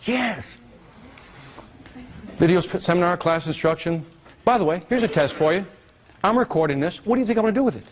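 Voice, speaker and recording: A man running a live seminar, pitched a little higher than most men. He talks in an animated, playful way, firing questions at the room and teasing people until they answer back. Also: fast. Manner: animated, teasing, call-and-response with the audience. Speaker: seminar speaker on marketing. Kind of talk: live seminar talk to an audience.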